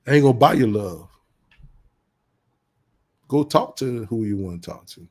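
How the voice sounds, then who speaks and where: Man, mid pitch, blunt preachy vlogger who repeats his points. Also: expressive, a little slow, long pauses, a little mellow. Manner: blunt, preachy, heavy slang, repeats insults with bursts of laughter. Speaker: commentary vlogger. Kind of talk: casual advice monologue.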